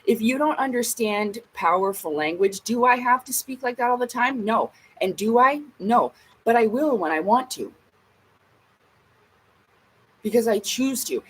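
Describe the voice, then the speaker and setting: A woman's voice: a little high, animated, normal speed, hardly any pauses, husky, low-quality recording. A woman vlogger in a casual ranting monologue, blunt and emphatic, swearing heavily.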